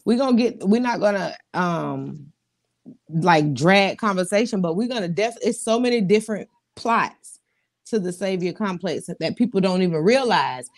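A woman co-hosting a casual talk show, animated and laughing often. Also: medium pitch, moderate pace. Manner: animated, laughs often, talks to the audience directly. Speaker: podcast co-host. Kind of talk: casual chat.

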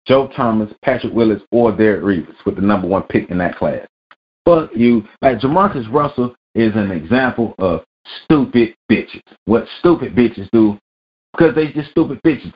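A man hosting a weekly sports rant, reading news aloud and bluntly cursing. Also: mid-range voice. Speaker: vlog host. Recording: dull lo-fi recording.

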